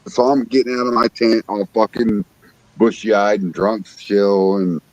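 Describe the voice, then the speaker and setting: A guest with a fairly low voice tells casual fishing stories at a measured pace, animated, enthusiastic and freely profane. There's no room sound, and the highs are cut off.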